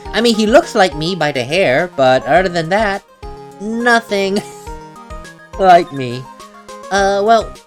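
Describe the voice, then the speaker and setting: A woman's voice: mid-range voice, animated, slow, long pauses, faint music behind. Playful woman commenting on a game. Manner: laughs often, playful. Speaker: let's play host. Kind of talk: casual gameplay commentary.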